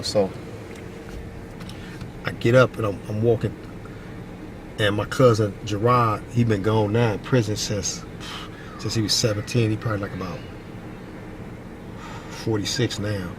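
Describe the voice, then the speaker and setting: Pausing often at a moderate pace, a middle-aged man from Long Beach, California vlogs about his youth in a casual storytelling style. He's animated, mimics the people he quotes with high voices, and often asks "you know what I mean." The recording is outdoors by a basketball court as he moves in traffic, with faint street and traffic noise.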